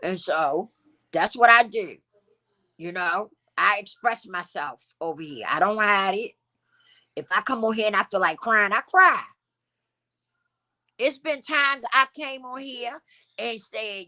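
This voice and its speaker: A woman's voice: medium pitch, a little slow, long pauses, pushed and bright. A middle-aged woman, hosting her own vlog and talking candidly and emotionally, often repeating phrases for emphasis. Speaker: channel host. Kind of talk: heartfelt personal vlog talk.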